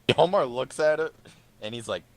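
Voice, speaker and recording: Excitable man playing a tabletop game. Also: medium pitch, gravelly. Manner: excitable, animated storytelling. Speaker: player. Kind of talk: tabletop role-play.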